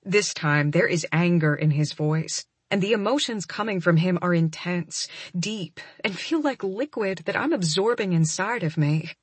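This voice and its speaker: A young adult woman narrating a first-person romance audiobook, soft and emotional, often close to a whisper. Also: on the low side, measured pace, few pauses, slightly rough, no echo.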